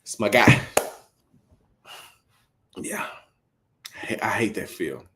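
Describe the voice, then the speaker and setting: A man hosting a casual sports talk livestream, animated and incredulous, repeating himself as he gets worked up. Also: slow, a little hiss or hum. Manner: animated, incredulous, repeats himself, rising pitch when riled up. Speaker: host of a sports talk stream.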